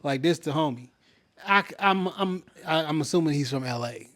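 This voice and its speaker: A man's voice: a little high, expressive, moderate pace, fairly bright tone. A man with a Detroit accent, co-hosting a podcast in loose, slangy, laid-back banter. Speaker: podcast co-host. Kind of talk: casual chat.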